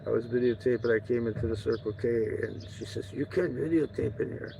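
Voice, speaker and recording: A man's voice: mid-range voice, a little fast, gravelly, mellow. A man talking in a casual, rambling travel vlog, joking and swearing freely as he goes. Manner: profane, joking, digressive. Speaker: travel vlogger. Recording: dull lo-fi audio with faint outdoor noise.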